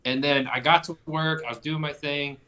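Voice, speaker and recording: Podcast co-host, male, bright and forward tone, rambling, profane, jokey. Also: fairly high pitch, steady tone, moderate pace. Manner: rambling, swears freely, jokey. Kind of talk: casual chat.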